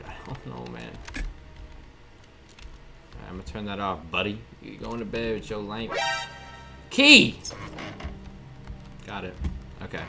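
A man's voice: lowish voice, vocal fry. A man hosting his own gaming channel, giving casual let's-play commentary and joking back at the game's characters. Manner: jokey, talks back to game characters. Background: game music.

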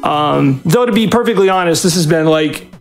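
A speedrunner at a live event stage giving a dog short coaxing commands and chatting excitedly about the run. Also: mid-range voice, normal speed, soft background music.

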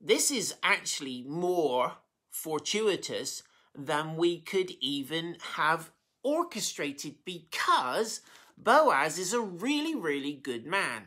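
Retelling a Bible story in an informal sermon, a preacher speaks slowly at medium pitch. He's chatty and animated, full of fillers and self-corrections, and clearly moved by the story.

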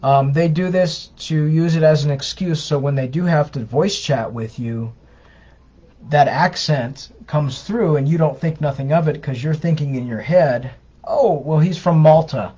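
On a live question-and-answer stream, a male co-host gives advice to viewers in a loose, conversational style, often using fillers and restarting sentences. His voice runs on the high side at normal speed, with a darkish tone and a breathy edge. The livestream audio is dull and lo-fi.

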